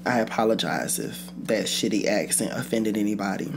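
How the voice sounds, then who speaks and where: A woman's voice: rumbling low, animated, normal speed, creaky, few pauses, a little hiss or hum. A young adult woman hosting her own podcast in a casual solo rant, blunt and profane, trailing off and restarting her thoughts. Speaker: podcast host.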